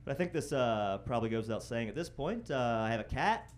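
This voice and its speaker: A young man works a comedy club stage with a wry, self-deprecating delivery. His voice sits at an everyday middle pitch, and now and then he jumps into loud mock-singing or shouted impressions. A faint murmur of the club hangs behind him. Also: lively intonation, fast talker, background noise. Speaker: stand-up comedian. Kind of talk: stand-up set. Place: comedy club stage before a live audience.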